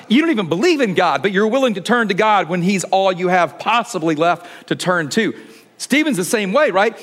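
A man preaching a sermon in a conversational way, full of rhetorical questions, often dropping to a quiet, low delivery for emphasis. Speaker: pastor.

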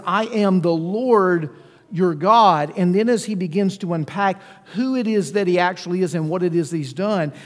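A man preaching a sermon as pastor, talking conversationally and putting questions to his listeners. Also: high-pitched. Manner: conversational, asks the congregation questions. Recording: long reverb of a church hall.

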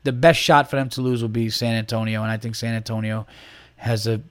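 A man's voice: mid-range voice, steady tone, brisk, no echo. A man hosting a podcast, ranting bluntly about basketball with a lot of swearing and restarts. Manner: blunt, profane, opinionated, with many restarts. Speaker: podcast host. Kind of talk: casual sports rant.

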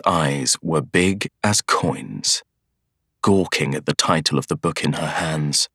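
A man reading an audiobook in unhurried, expressive scripted narration. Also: very deep voice, vocal fry, breathy edge, no echo, clean studio sound. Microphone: studio microphone.

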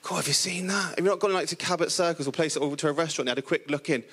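A middle-aged man from the area delivers a lively sermon in a fairly high voice. He tells the story with playful humour, jumping into different characters' voices. His delivery swings between quiet asides and excited bursts. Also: racing, husky. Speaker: preacher.

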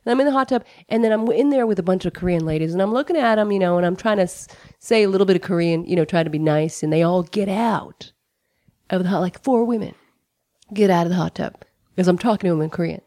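A woman's voice: fairly low pitch, quick pace, warm tone, no room sound, studio quality. A middle-aged American woman telling a personal story, candid and profane, with lots of "like" and "you know". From United States. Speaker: comedian guest.

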